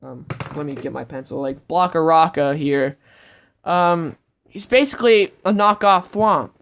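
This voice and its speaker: A woman vlogger giving a casual, rambling tour of her sketchbook, breaking into sudden excited outbursts. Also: deep voice, measured pace.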